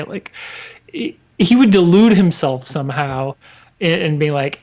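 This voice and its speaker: A man co-hosting a casual comics podcast, animated, laughing often and slipping into quick character voices. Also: a little high. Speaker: podcast co-host.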